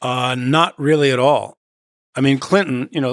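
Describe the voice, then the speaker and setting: A man in his sixties, a guest on a podcast, talking in a measured, halting way with quoted asides and dramatic pauses. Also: mid-range voice, no echo, studio quality. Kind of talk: reflective interview storytelling.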